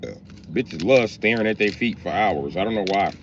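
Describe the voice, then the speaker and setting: On a livestream, a middle-aged man delivers a heated, comic rant, blunt, crude and profane. His voice is on the low side at normal speed. A slightly dull lo-fi stream mic picks him up, with slight background noise.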